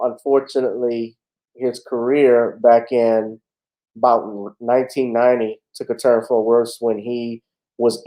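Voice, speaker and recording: A man's voice: mid-range voice, mellow, low-quality recording. A man hosting a casual livestream talk show, chatting in a laid-back way with frequent fillers.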